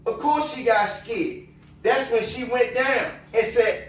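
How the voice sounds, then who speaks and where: High-voiced man in an echoey room. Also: measured pace. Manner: emphatic, keeps saying "remember" and asking viewers questions. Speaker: commentator. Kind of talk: casual commentary to viewers. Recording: echoey room, mic at a distance.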